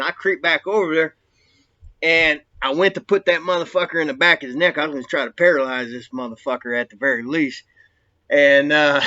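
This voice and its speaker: Man, rambling and cursing, bright tense tone, dull lo-fi recording. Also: on the high side. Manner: profane, rambling, animated. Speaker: former prisoner telling his story. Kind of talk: casual storytelling.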